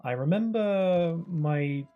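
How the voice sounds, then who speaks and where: A man's voice: fairly high pitch, lively intonation, slow pace, clear, resonant tone, phone-quality sound, faint music behind. Rambling young man streaming a game. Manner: rambling, with many fillers and restarts. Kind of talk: casual live-stream gaming chat.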